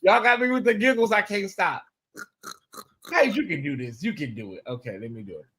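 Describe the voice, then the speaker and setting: A man chatting as a guest on a live stream, giggly and animated, often breaking into laughter. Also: high voice, fairly quick, slightly rough. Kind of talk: casual live-stream chat.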